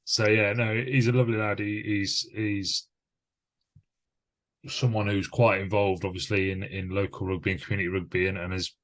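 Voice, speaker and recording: A man, co-hosting a podcast and telling an anecdote in a lively, self-mocking way. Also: lowish voice, moderate pace. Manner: lively anecdotal storyteller, laughs at himself. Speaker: podcast co-host. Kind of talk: casual chat, storytelling.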